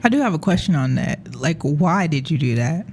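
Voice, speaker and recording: A woman's voice: low-pitched, very animated, normal speed, breathy edge. A woman hosting a casual radio talk show, speaking with hesitations and affirming her guest. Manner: soft-spoken, hesitant with fillers, affirming listener. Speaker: host.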